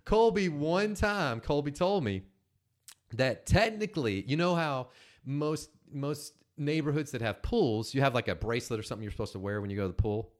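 A man in his forties hosting a podcast, telling a story with teasing, animated banter. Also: medium pitch, normal speed. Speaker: main host.

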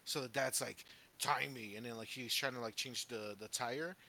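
A man co-hosting a casual podcast, telling a favorite film story in a rambling, excited way with lots of fillers and swearing. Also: mid-range voice, normal speed, creaky. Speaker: podcast co-host.

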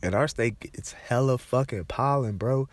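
A man's voice: mid-range voice, moderate pace. Stuffed-up man ranting casually. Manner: loose, profane, animated storytelling. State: stuffed up, congested. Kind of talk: casual profane rant.

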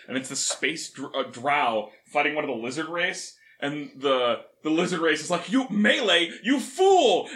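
A man playing a tabletop game, telling a story in an excitable, jokey way. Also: on the high side. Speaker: player. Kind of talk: casual chat at a game table.

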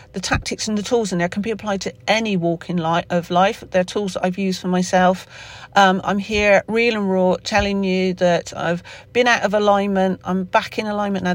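In a mid-range voice, a Somerset-accented host talks off the cuff on his own podcast, wandering along with plenty of fillers, restarts and corrections of himself. The recording has no room sound.

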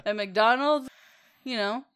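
A woman's voice: a little high, very slow, fairly bright tone, clean tone. A woman co-hosting a podcast in casual chat, rambling and giggling, swearing freely. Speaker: podcast co-host.

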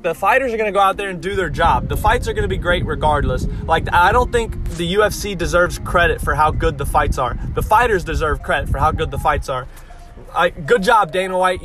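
A man's voice: high-pitched, fairly bright tone. A young man giving a casual, profane rant about fight results, blunt and rambling with lots of fillers, stopping to spell out hard names letter by letter. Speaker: fight-sport vlogger.

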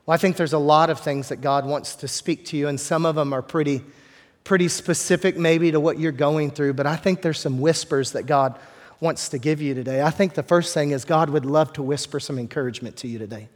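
A man preaching a sermon as pastor, talking in a relaxed, conversational way with repeated words and joking asides to the congregation, in a church. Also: a little high, a little fast. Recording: long hall reverb.

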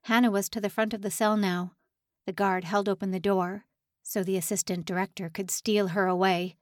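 A woman's voice: mid-range voice, little pitch movement, normal speed, dry recording, clean studio sound. Woman narrating a suspense novel. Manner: dramatic, building tension. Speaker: audiobook narrator. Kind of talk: scripted narration.

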